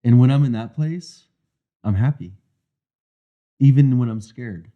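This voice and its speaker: The sound is muffled, dull, and lo-fi as this co-host of a marriage coaching podcast talks casually. He comes across as sincere and thoughtful, with a medium pitch and a slightly slow pace.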